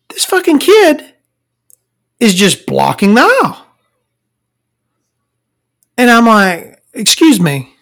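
A woman rants through a story in a crude, exasperated way, swearing nonstop. She rambles and swings from loud bursts down to low muttering, and her pitch sits in a middle range. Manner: jumps between loud outbursts and low mutters. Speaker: vlogger telling a story. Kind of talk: profane storytelling rant.

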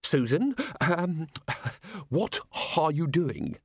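A man's voice: a little high, big pitch swings, drawn-out words, vocal fry, a little mellow, husky, no room sound, studio quality, voice pushed up, exaggerated voice. A man reading aloud, voicing an anxious, fussy woman who employs a governess; she stammers and talks in a flustered way.

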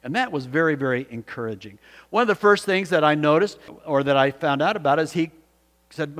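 An earnest male pastor preaches in a storytelling way, often restarting his sentences, with a voice pitched somewhat high. His words ring out into a long reverb, as if recorded in a church sanctuary. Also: animated, a little fast, fairly bright tone. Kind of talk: sermon.

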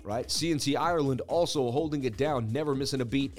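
A man's voice: medium pitch, a little fast, hardly any pauses, faint music behind. A man in his thirties hosting a crypto trading livestream, rambling through charts in casual chat and laughing at his own jokes.

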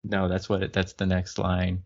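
A man with a very low, gravelly voice co-hosts a casual podcast, reading passages aloud and breaking off to poke fun at them. The recording sounds a little muffled and lo-fi. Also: completely flat delivery, normal speed. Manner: wry, laughs at the text. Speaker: podcast co-host.

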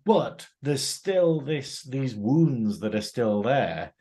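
A man's voice: medium pitch, big pitch swings, takes it slowly, mellow. A man from northern England co-hosting a casual TV review chat, enthusiastic, laughing often and acting out the characters' lines. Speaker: podcast co-host.

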